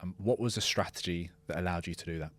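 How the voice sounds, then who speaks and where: A man with a very low voice hosts an interview. He keeps his remarks brief and measured, and the sound is dry with no room echo. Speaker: podcast host.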